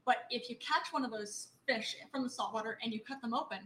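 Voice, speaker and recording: A woman co-hosting a casual chat, agreeable and quick to chime in. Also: fairly high pitch, a bit bright, a little hiss or hum, rough recording.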